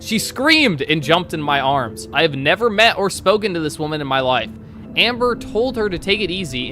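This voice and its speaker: A man's voice: on the high side, pushed and bright. A man live-streaming, casually reading online posts aloud to his chat and breaking off with sarcastic asides.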